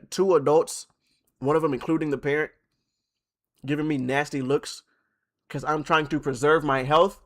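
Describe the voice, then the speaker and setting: His voice pitched slightly high, this man streams live, reading posts aloud. His reactions are blunt, full of swearing, with repetition used for effect.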